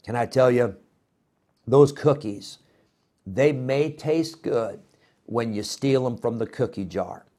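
A middle-aged man preaching a sermon in a folksy, animated way, with frequent fillers and restarts. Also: medium pitch, slow, pauses often.

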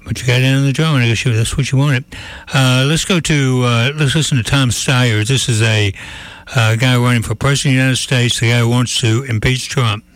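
A man's voice: medium pitch, steady tone, fairly quick, fairly bright tone, no room sound. A man hosting a call-in talk radio show, blunt and opinionated, a little scratchy in the voice.

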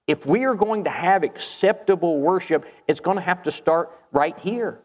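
Male preacher, emphatic and earnest, slightly high voice, echoing church sound. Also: expressive, moderate pace, hardly any pauses. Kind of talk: sermon.

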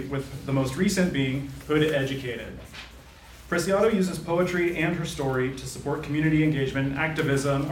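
A man's voice: medium pitch, slight background noise. Casual male event host in a roomy hall. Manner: casual with fillers and asides. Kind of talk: introducing a speaker. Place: live literary event indoors. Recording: roomy hall, distant mic, faint ambience.

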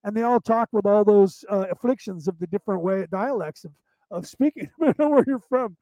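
A man from central California with a Southern drawl and Boston touches, hosting a podcast in fast, rambling casual talk full of fillers. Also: sits high, dark tone, no echo, low-quality recording. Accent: American with Southern drawl and Boston touches. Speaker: podcast host.

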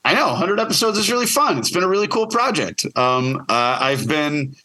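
A man's voice: fairly high pitch, expressive, moderate pace, sharp tone. A man who co-produces the podcast, joining as its guest for a casual, joking, rambling chat. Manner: rambling, self-correcting, joking.

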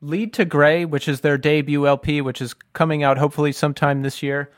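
Teasing, slightly high-voiced podcast host. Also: male voice, fairly even intonation, brisk, no echo, studio quality. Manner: teasing, joking, swears freely. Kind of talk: casual podcast chat.

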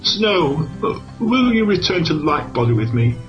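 A man's voice: fairly high pitch, very animated, measured pace, dull audio, over music. A man playing a lovestruck, bumbling knight who stammers earnestly in a comic amateur pantomime.

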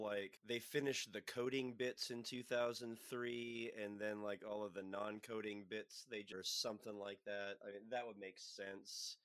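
A man playing on a trivia podcast, easygoing, his musing trailing off softly. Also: on the low side, no echo. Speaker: trivia contestant.

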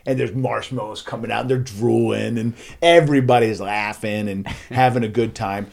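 A man telling a lively story as a guest in a conversation, acting out the voices of the people in it. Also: lowish voice, moderate pace, gravelly. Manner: acts out voices, lively and playful. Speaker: guest, school assembly speaker.

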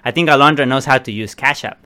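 A man's voice: medium pitch, fast, sharp tone, clear, resonant tone. A man co-hosting a podcast, telling a story in casual chat and acting out both sides of a conversation. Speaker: podcast co-host.

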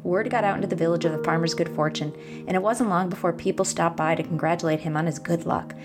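Podcast host, female, low, gravelly, gentle storyteller over background music. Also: fast. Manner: gentle, encouraging, occasionally whispered. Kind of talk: reflective monologue with storytelling.

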